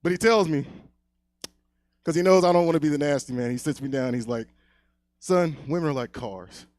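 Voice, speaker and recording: A young man doing a stand-up set on a comedy club stage, telling a long story, often dropping to a hush, then getting loud again. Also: a little high, fast talker. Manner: loose storytelling, swings loud and quiet.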